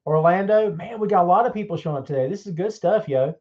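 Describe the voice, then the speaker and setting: A man hosting a live-streamed podcast, reading out viewers' names and chatting with them in a folksy, upbeat manner. His voice sits a little high for a man. The audio is slightly dull and lo-fi. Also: fast talker. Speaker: podcast host.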